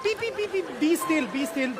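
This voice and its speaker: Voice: sits high, expressive, normal speed, over loud music. A stage magician performing a comic act, narrating tricks playfully with exaggerated sound effects.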